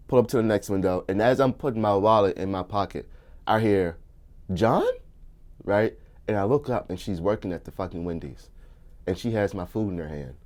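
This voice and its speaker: A young man telling a crude story in casual chat, animated and bursting into shouts and laughter. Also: medium pitch. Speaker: comedian guest.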